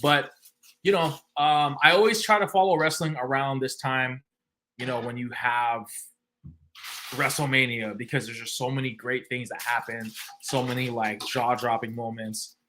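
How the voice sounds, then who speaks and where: Man, livestream host, casual chat, bright voice, laid-back, filler-heavy. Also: medium pitch, fairly even intonation, normal speed.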